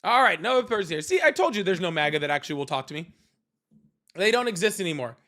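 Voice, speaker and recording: A man's voice: high voice, sing-song, fast, bright, forceful tone. A man hosting a live call-in debate stream, ranting casually in a sarcastic, mocking way and swearing freely. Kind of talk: casual livestream rant.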